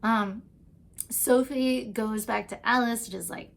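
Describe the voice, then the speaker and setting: A woman's voice: a little high, vocal fry. A woman giving a casual, gushing recap of TV episodes, chatty and full of "like" and "um", briefly acting out the characters' lines. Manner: acts out characters' lines in quick asides. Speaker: TV recap and tarot vlogger.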